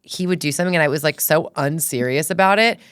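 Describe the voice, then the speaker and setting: A chatty middle-aged woman hosting a podcast, with a notably low voice. She keeps slipping into quick little re-enactments of what she said or thought, padding everything with "like." The sound is close and dry, as in a small studio. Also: fairly bright tone, clean tone, no room sound. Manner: chatty, acts out her own quoted thoughts, heavy use of "like". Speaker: podcast host. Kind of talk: casual chat.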